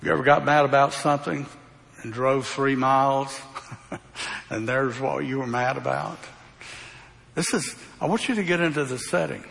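A man's voice: medium pitch, normal speed, vocal fry, pauses often, fairly bright tone. A man preaching a verse-by-verse Bible sermon in a folksy way, putting rhetorical questions to the congregation. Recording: reverberant hall sound.

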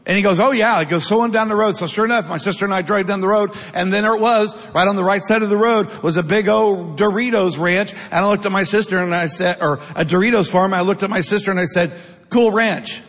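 A man's voice: sits high, steady tone, quick pace, hardly any pauses, a bit bright. A man preaching a sermon to a congregation, reading scripture and telling stories with rhetorical questions. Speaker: pastor. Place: church sanctuary. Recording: long hall reverb.

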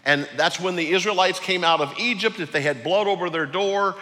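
A man preaching a sermon as pastor, emphatic, swinging between loud peaks and quiet low lines. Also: brisk. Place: large church hall. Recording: long hall reverb.

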